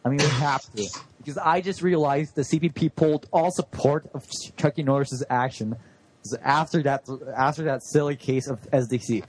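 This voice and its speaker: A man's voice: fairly high pitch, normal speed, breathy edge, low-quality recording. Rambling man in casual chat. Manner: rambling, stumbling over words. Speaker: podcast co-host. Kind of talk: casual chat about role-play politics.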